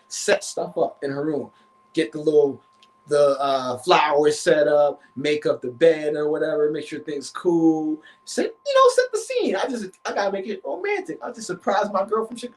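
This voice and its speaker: Animated man telling a personal story. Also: a little high. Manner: animated, slangy and profane, acts out his inner voices. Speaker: therapist and relationship coach. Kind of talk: casual live-stream storytelling.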